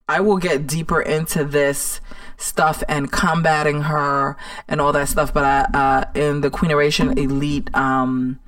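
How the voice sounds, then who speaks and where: A woman's voice: low voice, a bit bright, no echo. Brief: sassy woman life coach hosting a podcast monologue, dry sound, a little far from the mic. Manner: sassy, emphatic, repeats words for stress. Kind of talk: casual motivational monologue.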